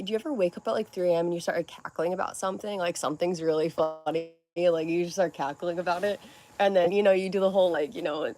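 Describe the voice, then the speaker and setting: A young adult woman hosting a casual livestream at home, rambling from one topic to the next in a scattered way. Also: fairly low pitch. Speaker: livestream host.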